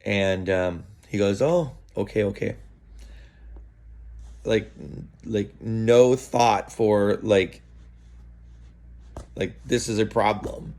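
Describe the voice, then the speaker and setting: Low-voiced man telling a story outdoors. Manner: relaxed, halting, many fillers and restarts. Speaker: vlogger. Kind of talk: casual storytelling to camera. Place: outdoors in the early morning.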